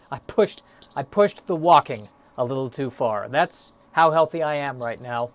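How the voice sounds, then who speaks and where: A man's voice: medium pitch, a little slow, fairly bright tone. A young man hosting a solo podcast, musing in a stop-start, self-deprecating way with lots of fillers, a little out of breath. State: a bit out of breath. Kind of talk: rambling solo podcast monologue.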